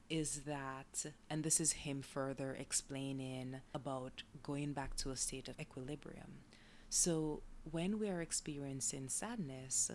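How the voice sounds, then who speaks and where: Jamaican woman, podcast host, low voice, calm teaching delivery with a faint hiss behind. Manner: calm, explanatory, repeats key phrases. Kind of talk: solo podcast talk on emotions and healing.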